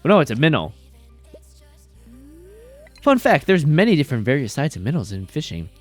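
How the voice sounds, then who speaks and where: A man's voice: fairly high pitch, big pitch swings, normal speed, soft background music. A man streaming a game, chatting casually in a rambling, jokey way and reacting to chat.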